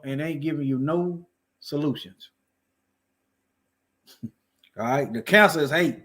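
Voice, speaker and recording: A man's voice: sits high, fairly bright tone. A man commenting on news articles in a heated, preaching way, firing off rhetorical questions and repeating lines for emphasis.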